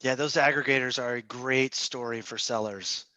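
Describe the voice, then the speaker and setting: A man speaking as a guest in a casual video-call interview, an animated and frank storyteller. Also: medium pitch, moderate pace, dry recording. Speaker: guest author and agency founder.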